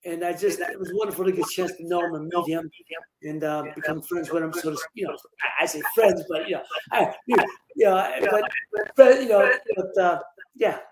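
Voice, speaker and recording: An older man with a high-pitched voice, telling long stories in a live interview. He rambles, restarts sentences and fills gaps with "um" and "you know." The room gives his voice a noticeable echo. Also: a little fast, very noisy. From Ohio, USA. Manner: rambling, full of fillers and restarts. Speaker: interview guest, former boxer.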